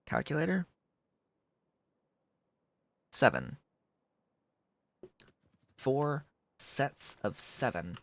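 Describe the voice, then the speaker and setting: Man, game streamer, unhurried delivery, thinking aloud, playful asides. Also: fairly low pitch, big pitch swings, a bit bright. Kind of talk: casual gameplay commentary.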